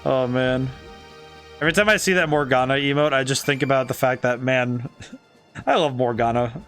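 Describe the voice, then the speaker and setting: A man giving casual live-stream commentary on a game he is playing, excitable, laughing often and thinking aloud. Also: medium pitch, normal speed, faint music behind.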